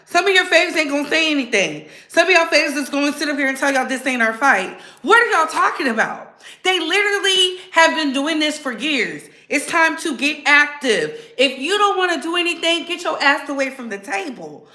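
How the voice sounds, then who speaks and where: A woman with a high, bright voice delivers political commentary straight to camera. She is blunt, fiery and profane, pushing her viewers to act. The sound is echoey, as if recorded in a bare room. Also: lively intonation, normal speed. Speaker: host.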